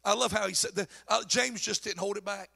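A male pastor preaching a sermon. He drops to low asides, then shouts his points, and mocks the voices he quotes. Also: fairly quick, creaky, breathy edge. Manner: acts out quoted voices mockingly.

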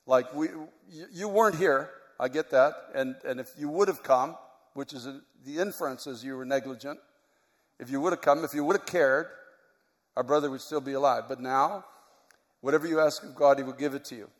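A man preaching a sermon, moving from quiet, reflective teaching to loud, impassioned preaching. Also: medium pitch, a little fast. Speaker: pastor. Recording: long hall reverb.

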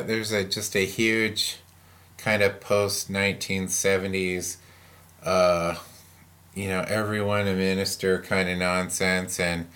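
A man with a fairly low voice talks casually as a pastor on a podcast. He is animated, acts out the voices of people he quotes, and breaks into laughter often. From Pacific Northwest US.

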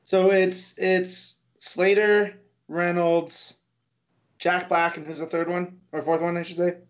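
A man's voice: sits high, little pitch movement, takes it slowly. A man playing a trivia game on a podcast, chatty and prone to side stories. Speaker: quiz contestant. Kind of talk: casual podcast chat. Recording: dull lo-fi audio.

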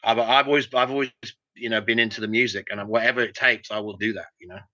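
A middle-aged man, a musician, telling animated stories in a casual interview, with many restarts. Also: on the low side, fast, no room sound. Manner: rambling, animated anecdotes with restarts. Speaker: musician guest. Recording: dull, lo-fi dry sound.

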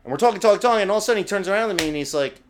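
A loud, excitable man from New Jersey tells stories on a podcast, cursing freely as he goes. He talks at a rapid clip, and his pitch swings widely as he gets worked up. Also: slight background noise. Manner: loud, excitable, swears a lot. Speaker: podcast guest, comic book artist. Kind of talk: casual chat.

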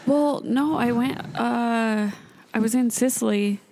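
A woman's voice: on the high side, slow, a little hiss or hum. A young woman, co-host of a podcast, telling a casual story and acting out the other people in it. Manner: animated, acts out quotes in a put-on voice.

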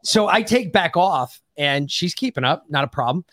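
A man's voice: fairly high pitch, animated, normal speed, fairly bright tone, no echo, clean studio sound. A man on a podcast, telling a long, profane, rambling anecdote in a casual chat. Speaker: podcast co-host.

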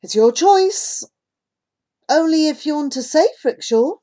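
A man's voice: very high-pitched, animated, pitched above the performer's own voice. A woman doing a sing-song rickshaw driver. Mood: friendly. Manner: sing-song, slow and gentle.

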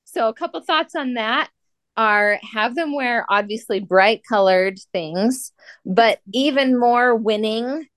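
A woman in her forties from Utah, a podcast guest telling stories in an animated, emphatic, playful way. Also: fairly high pitch, slow pace, no echo, clean studio sound. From Salt Lake City, Utah. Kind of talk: casual storytelling chat.

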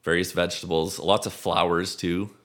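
A man running a tabletop game as game master, describing scenes in a relaxed way, often restarting his words. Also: low-pitched, moderate pace. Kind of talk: improvised tabletop narration.

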